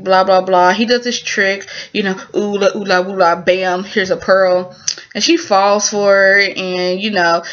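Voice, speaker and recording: A woman giving a casual spoken recap of a drama episode, chatty and animated, with lots of fillers and quick asides. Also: mid-range voice, muffled recording.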